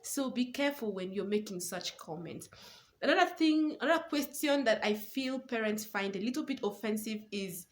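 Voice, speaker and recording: A woman's voice: fairly high pitch, lively intonation, moderate pace. A young woman, a new mother and parenting coach, giving earnest advice to camera and repeating words for stress. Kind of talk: casual advice talk to camera.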